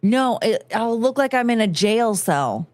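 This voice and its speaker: A woman's voice: a little high, expressive, a little slow, a little mellow, dry recording. A woman live streamer chatting casually and rambling, often poking fun at herself and greeting her chat. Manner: rambling, self-mocking, greets chat in a sing-song lift.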